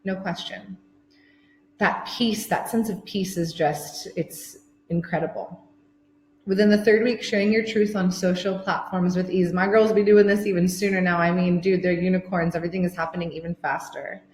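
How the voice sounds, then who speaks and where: A woman in her thirties, a life coach giving a motivational workshop pitch, gushing and excitable and swearing freely. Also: moderate pace, roomy sound, slight background noise. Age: 30s.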